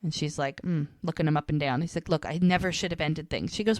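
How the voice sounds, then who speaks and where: A woman's voice: deep voice, fast, no room sound, studio quality. A woman co-hosting a casual podcast, retelling a TV scene and acting out each character's lines as she goes. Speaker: podcast co-host. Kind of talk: casual recap chat.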